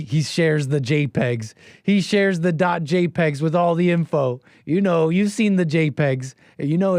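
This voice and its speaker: A man's voice: a little high, a little mellow, dry recording, studio quality. A man hosting a casual livestream, talking in a sarcastic, rambling way and mocking what he reads aloud. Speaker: livestream host.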